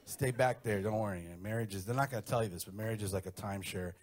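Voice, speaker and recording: A man's voice: fairly low pitch, fast talker. Brash, profane middle-aged man. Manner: brash, profane, animated storytelling. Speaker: stand-up comedian. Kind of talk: stand-up set.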